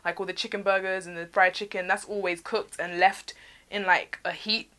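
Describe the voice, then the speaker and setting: A woman's voice: medium pitch, normal speed. Chatty young British woman telling a story. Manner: animated, chatty, acts out quotes. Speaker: vlogger. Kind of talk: storytime vlog.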